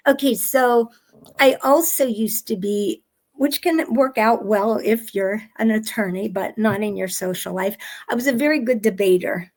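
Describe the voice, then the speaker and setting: A woman's voice: on the high side, normal speed, a little mellow. A woman handwriting expert chatting as an interview guest, telling stories animatedly with frequent restarts. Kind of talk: casual interview chat.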